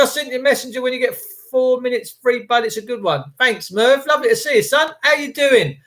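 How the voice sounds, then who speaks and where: A man's voice: very high voice, sharp tone. A man hosting a casual live stream, greeting viewers by name in a chatty, cheeky way and slipping into rants. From England. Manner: chatty, cheeky, ranting at times.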